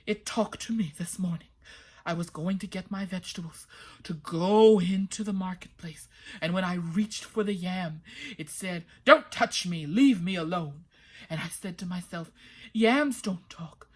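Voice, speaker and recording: A frantic village man pours out his tale to the king, loud and breathless, as a woman storyteller puts him on. He talks fast and urgently in a folktale told aloud. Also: high-pitched. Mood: urgent, excited. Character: excited male villager with a talking yam.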